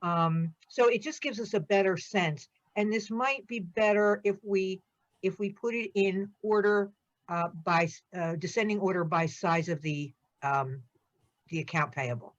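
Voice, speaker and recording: Board member, female, deliberate and measured, muffled video-call sound. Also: medium pitch. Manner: deliberate, pausing to think. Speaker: board member reviewing accounts. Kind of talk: business meeting discussion. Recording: dull video-call audio.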